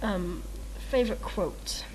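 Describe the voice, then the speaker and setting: A woman's voice: mid-range voice, slow, darkish tone, a little hiss or hum. A woman rambling through a questionnaire in casual chat, giggly and self-mocking, with lots of ums and uhs. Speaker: video maker answering a meme questionnaire.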